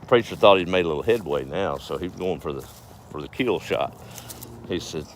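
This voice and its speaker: Deep-voiced folksy man. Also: animated, fairly quick, slight background noise. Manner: folksy, chuckling, rambling. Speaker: farm vlogger. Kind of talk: casual storytelling livestream.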